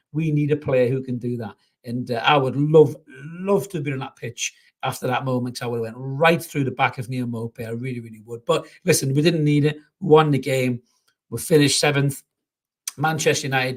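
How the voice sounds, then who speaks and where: Sweary football fan host. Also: male voice, medium pitch, fairly even intonation, brisk. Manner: blunt, sweary and passionate. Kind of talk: live match reaction with chat comments.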